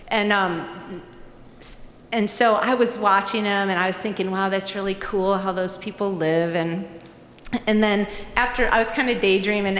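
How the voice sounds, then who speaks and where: A woman from Virginia telling a true personal story live on stage in a chatty, animated way, often quoting herself. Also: medium pitch. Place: stage in a large hall. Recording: echoey hall reverb.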